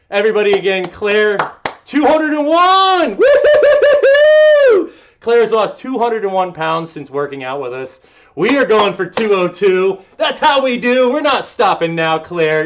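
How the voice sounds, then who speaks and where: A man leading a fitness class from his apartment, calmly counting through stretches and breaths, then thanking members in a sentimental, upbeat way. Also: a little high. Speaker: fitness instructor. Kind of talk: guided cool-down and live class sign-off. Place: apartment home studio. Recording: dull lo-fi sound.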